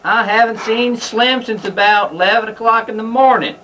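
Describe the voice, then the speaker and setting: A man playing a gruff, bossy senior male doctor who scolds in barking shouts. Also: high voice, normal speed, slight background noise. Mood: scolding.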